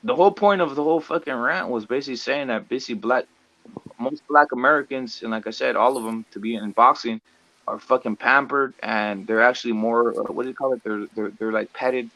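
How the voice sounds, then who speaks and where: A man's voice: medium pitch, a little fast, pushed and bright, dry recording, rough recording. Swearing, rambling man on a livestream. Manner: rambling, heavy swearing, lots of 'bro' and 'dude'. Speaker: livestream co-host. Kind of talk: casual profane chat.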